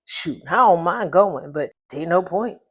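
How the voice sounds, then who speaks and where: A woman voicing a gruff, cocky older man who speaks bluntly in a drawling dialect. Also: on the low side, animated, a little slow. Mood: lecturing.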